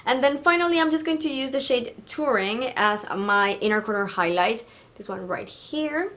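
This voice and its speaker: A woman's voice: a little high, expressive, normal speed, a bit bright. A woman from Mexico, a beauty vlogger, chatting casually through a makeup tutorial with easy fillers.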